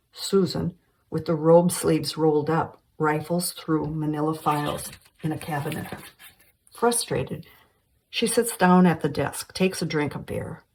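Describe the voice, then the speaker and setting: A woman reading a screenplay aloud, calmly stating scene headings and directions. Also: sits low, low-quality recording. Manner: steady, matter-of-fact delivery of scene directions. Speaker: screenplay reader.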